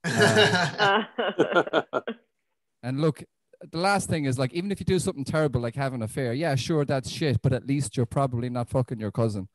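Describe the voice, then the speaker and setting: A man's voice: medium pitch, moderate pace, dry recording, poor audio. Irish man doing stand-up. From Ireland. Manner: deadpan, self-deprecating, swears often. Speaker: stand-up comedian. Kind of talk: stand-up comedy set. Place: comedy club stage.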